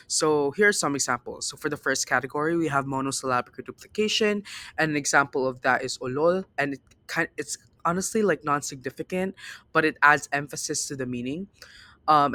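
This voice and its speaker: A young man walks his classmates through a linguistics presentation. His voice sits a little high and sounds bright. He talks loosely, with ums and quick self-corrections. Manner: conversational, with many fillers and self-corrections. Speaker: student presenter.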